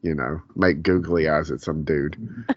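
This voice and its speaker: A man hosts a podcast in casual chat, rambling with lots of fillers and laughing frequently. His voice is extremely low, steady in tone and measured in pace, but the recording is muffled with a noisy background.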